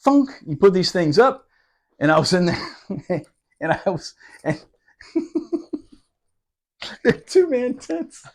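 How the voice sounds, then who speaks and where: Speaking slowly in a high-pitched voice with frequent pauses, a Marine veteran in his forties spins stories on his podcast. The chat is casual and lively, packed with cursing and regular bursts of laughter.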